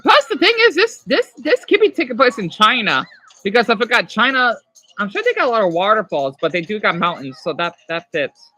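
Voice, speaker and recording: A woman giving casual, rambling commentary while playing a video game, talking excitedly to her viewers. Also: fairly high pitch, fairly quick, faint music behind. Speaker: gameplay commentator.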